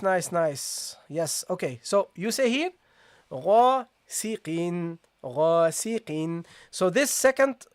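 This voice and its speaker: A recitation teacher giving a live-streamed online lesson, explaining step by step, checking understanding with a frequent "okay?" and slowly sounding out letters to demonstrate. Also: medium pitch, dry recording, clean studio sound.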